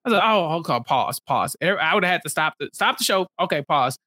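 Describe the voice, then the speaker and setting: Animated male podcast co-host, slangy and joking, dry close mic. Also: sits high, racing, no echo. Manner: animated, playful, slangy, acts out quotes. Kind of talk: casual recap chat.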